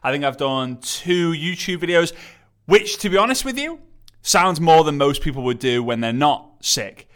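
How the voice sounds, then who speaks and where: Still not fully well after an illness, a man from England hosts his solo motivational podcast in an English accent with a slight lisp. His voice sits on the high side at a moderate pace, and he repeats key phrases in an emphatic, energetic way.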